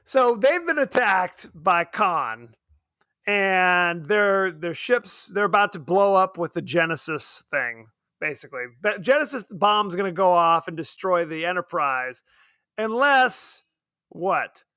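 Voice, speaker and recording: A man's voice: sits high, expressive, slow pace, sharp tone, no room sound, clean studio sound. A man co-hosting a podcast, chatting casually about a film with a sarcastic, joking manner and frequent laughs. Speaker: podcast co-host. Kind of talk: casual film review chat.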